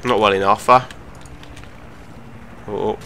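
Young guy, bright edgy voice, swears a lot at his game, faint gunfire going on behind. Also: lowish voice, slow pace, slight background noise. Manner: swearing, self-mocking, excitable outbursts. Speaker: gaming commentator. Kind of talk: live gameplay commentary.

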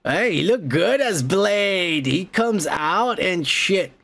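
A man hosting a podcast, excitedly recapping a movie in a casual, profane, rambling way. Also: sits high, slow, gravelly. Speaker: podcast host.

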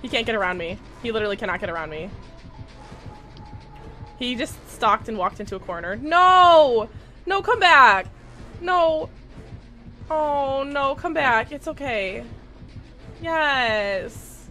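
A woman streaming a game live, commenting in an excitable, profane way and shouting at the game. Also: on the high side, unhurried, pauses often, faint music behind, rough recording.

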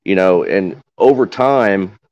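A man's voice: deep voice, takes it slowly, a little mellow, muffled recording. A man with an accent, a corrections veteran speaking plainly on a panel, with many "you know" fillers. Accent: noticeable regional accent. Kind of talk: casual panel talk.

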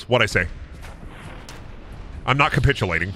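A man's voice: mid-range voice, big pitch swings, normal speed, sharp tone, slight background noise. A man casually commenting on his game as a streamer, joking, swearing and riffing on voice impressions.

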